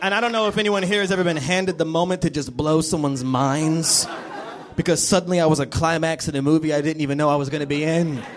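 A man performing stand-up comedy in a club, telling a story in an animated way and slipping into voices. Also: fairly high pitch, quick pace. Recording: live club with crowd and noise.

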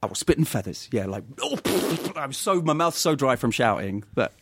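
A man telling lively anecdotes in casual chat as a guest actor, often laughing as he talks. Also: mid-range voice, a little fast, noisy background. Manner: animated, laughing storyteller.

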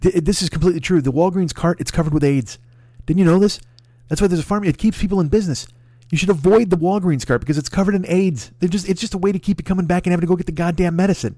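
A man telling a rambling comic story, profane and animated, acting out other people's voices. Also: high voice, racing, dry recording, studio quality. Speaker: comedy podcast host.

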